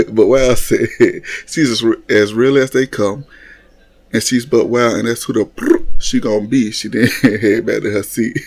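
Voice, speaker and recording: A man's voice: on the low side, fairly even intonation, measured pace, breathy edge. A man hosting a casual reality TV recap, blunt and mocking, often laughing as he talks. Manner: blunt, laughs often, mocks what he watched. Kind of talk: casual commentary.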